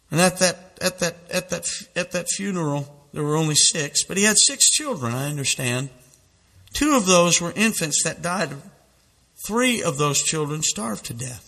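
A man's voice: high-pitched, lively intonation, measured pace, gravelly, bright, forceful tone, in a large hall. A man preaching a fiery sermon, dramatic and intense, reading quotations aloud with mounting feeling. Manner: dramatic, reads quotes aloud with rising intensity. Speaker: street preacher.

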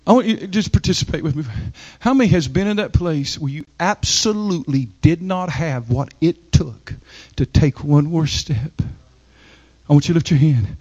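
A man preaching a sermon, moving from slow, low passages to loud, shouted climaxes and calling on the congregation to answer him. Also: lo-fi sound. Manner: calls on the congregation to repeat and respond. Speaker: pastor.

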